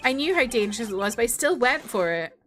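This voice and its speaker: A woman voicing a young male defense lawyer, earnest and flustered, reading game dialogue in a lowered voice. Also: sing-song, quick pace, a bit bright, faint music behind.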